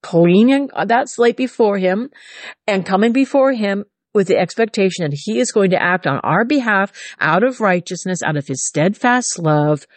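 A woman teaching verse by verse from the Bible, acting out the psalmist's words with animated asides and laughs. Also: medium pitch, moderate pace, dry recording. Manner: animated, acts out the psalmist's lines, laughs often.

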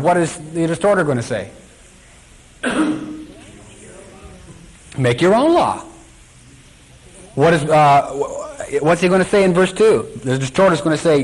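A man's voice: fairly high pitch, lively intonation, normal speed, pauses often, rough recording. Man preaching, quizzing his congregation. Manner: quizzes the congregation, acts out quotes. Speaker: Bible teacher. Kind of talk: sermon.

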